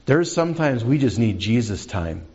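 A man's voice: medium pitch, sing-song, moderate pace, darkish tone, breathy edge, muffled recording. A man preaching a sermon as pastor, conversational, asking the congregation questions.

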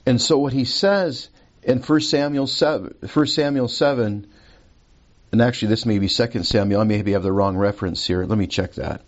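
A man's voice: mid-range voice, normal speed, dull audio. A man teaching a recorded Bible lesson from a handout, reading scripture aloud and checking his notes as he goes.

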